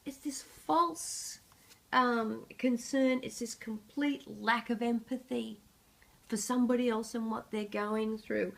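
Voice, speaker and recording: Gravelly-voiced woman giving a psychic reading. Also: a little high, fairly even intonation, slow, fairly bright tone. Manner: earnest, reflective, laughs between thoughts. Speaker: psychic reader. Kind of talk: casual oracle reading.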